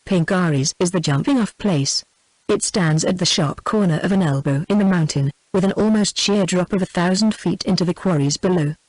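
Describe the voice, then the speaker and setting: A text-to-speech woman's voice with a British English accent, reading a classic novel aloud in an even, steady manner. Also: on the low side, brisk, no echo, rough recording. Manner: even, steady synthetic delivery. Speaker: audiobook narrator.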